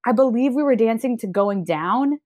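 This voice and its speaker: A young woman, a stage actor, telling stories in a casual interview, lively and often laughing. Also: normal speed. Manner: animated, laughing, quotes herself in a high voice.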